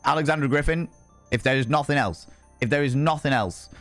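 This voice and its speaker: A man's voice: mid-range voice, brisk, dry recording, soft background music. Rambling, cheerfully sweary male streamer. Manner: swears freely, rambling and animated. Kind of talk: casual live-stream chat.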